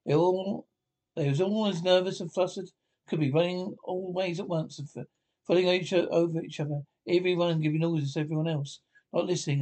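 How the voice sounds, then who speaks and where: A man reads a small, earnest mole from a storybook. He tells his tale in a halting way, stumbling and restarting, in a slightly raised voice. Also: a little high, darkish tone, lightly acted, low-quality recording. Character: timid, earnest male mole telling a tale.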